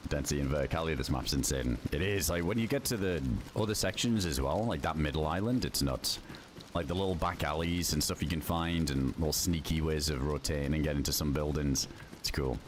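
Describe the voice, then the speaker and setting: Deep-voiced laid-back male game streamer. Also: brisk, a little hiss or hum. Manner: rambling, laid-back, swears often. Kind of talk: casual gameplay commentary.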